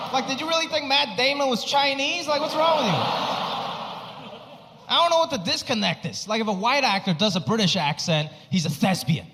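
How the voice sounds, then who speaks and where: High-pitched man doing stand-up in a hall. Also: a little fast. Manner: animated, acts out other people with big pitch jumps. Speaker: stand-up comedian. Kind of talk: stand-up comedy set. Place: comedy stage before a live audience. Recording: live hall reverb with crowd noise.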